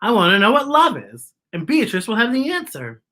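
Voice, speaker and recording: A woman's voice: a little high, wildly swooping pitch, brisk, pushed and bright, pitched above the performer's own voice, heavily acted. A woman voicing a small, curious robot in a children's story, speaking in a lifted, earnest way.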